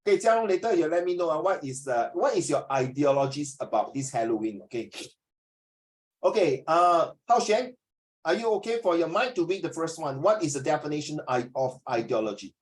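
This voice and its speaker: Middle-aged Singaporean man as a lively, teasing online class teacher, voice pitched a bit high. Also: fairly quick. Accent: Singaporean English. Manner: animated, teasing, mixes in Mandarin.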